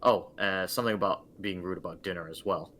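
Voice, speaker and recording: A man playing a tabletop game, describing what his character does in a relaxed, dry way. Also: sits low, fast talker. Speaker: player. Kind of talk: casual tabletop play.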